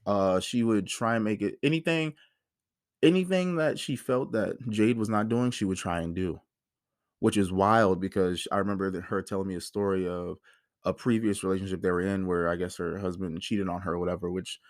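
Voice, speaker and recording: A man in his thirties with a lowish voice rants through a casual podcast monologue, heated and full of profanity. The sound is dry and close, with no room around it. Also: brisk, no room sound. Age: 30s. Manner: heated, profane, animated storytelling. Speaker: podcast host.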